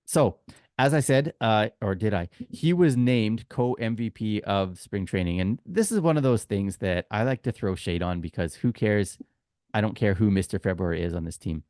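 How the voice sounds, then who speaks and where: Canadian male podcast co-host, lowish voice, dry close sound, chatty and wisecracking. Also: lively intonation, moderate pace, a little mellow, no echo. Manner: chatty, joking, opinionated. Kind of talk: casual podcast chat.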